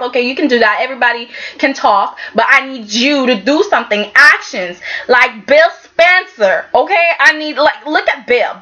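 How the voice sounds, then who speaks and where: A woman's voice: sits high, a bit bright, dull audio. A woman giving a casual, sassy recap of a soap opera episode, talking back to the characters.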